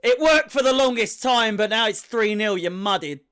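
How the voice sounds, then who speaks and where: High-voiced football fan, sweary. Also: male voice, lively intonation, moderate pace, a bit bright, clean tone. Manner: casual, sweary and exasperated. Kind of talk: live match watchalong commentary.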